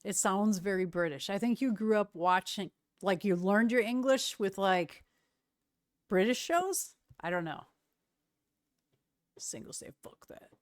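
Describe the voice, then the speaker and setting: A woman's voice: medium pitch, measured pace, no room sound. Chatty woman streamer, dry close sound. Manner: relaxed, chatty, laughs often. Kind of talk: casual chat with viewers.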